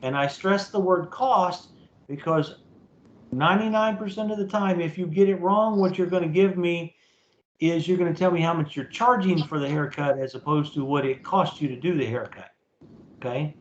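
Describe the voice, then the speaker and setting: With a high voice and a moderate pace, a man teaches an online class as a professor, casually leading students through each step and checking in with "okay?" time after time. It sounds like a lo-fi meeting recording from a computer mic, roomy and a bit dull.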